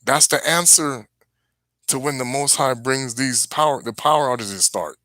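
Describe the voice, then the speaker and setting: A man's voice: mid-range voice, moderate pace, bright, forceful tone, no echo. A man hosting a religious live stream, preaching casually and earnestly to his viewers with warnings.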